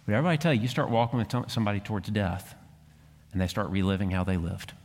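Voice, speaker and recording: A man preaching a sermon as pastor, earnest, moving between hushed lines and emphatic ones. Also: fairly low pitch, animated, racing, big-room sound.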